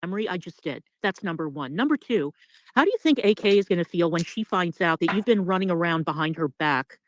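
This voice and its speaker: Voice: medium pitch, no echo, rough recording. A speaker delivering a heated call-out rant, accusatory and profane, confronting someone directly.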